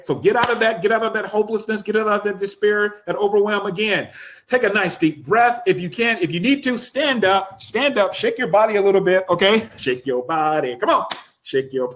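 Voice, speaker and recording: A man leading a coaching class, energetic and coaxing, repeating instructions and laughing often. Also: high voice, fairly quick, highs cut off. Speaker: life coach. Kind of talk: live-streamed coaching class.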